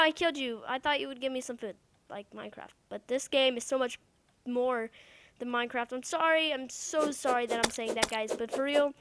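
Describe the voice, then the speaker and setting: A woman giving casual, excitable let's-play commentary, talking to the game's creatures and repeating words as she plays. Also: high voice, a little hiss or hum. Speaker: gamer.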